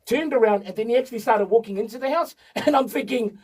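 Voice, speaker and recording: A man, an energetic and chatty storyteller talking as a guest on a radio show. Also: very high voice, quick pace, slightly rough, recorded from a distance, rough recording. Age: 50s. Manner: energetic, chatty storyteller who laughs often. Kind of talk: casual radio interview. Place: radio studio.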